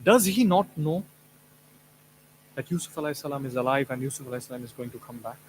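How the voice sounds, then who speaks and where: A man's voice: mid-range voice, expressive, quick pace, a little hiss or hum. A man, an imam, giving an earnest Quran commentary lecture, asking rhetorical questions and reciting Arabic verses. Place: mosque hall. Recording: long hall reverb.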